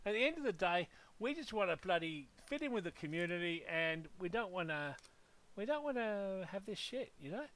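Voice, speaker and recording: A man's voice: high-pitched, big pitch swings, normal speed, a bit bright. A man hosting a gaming channel, ranting heatedly in casual podcast talk with lots of profanity.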